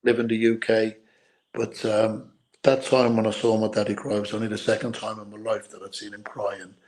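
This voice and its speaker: A middle-aged Irish man, a former boxer, telling stories in an interview, halting and repeating words, tearful at times. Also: fairly low pitch, little pitch movement, a little mellow, rough recording. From Ireland. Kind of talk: emotional storytelling interview.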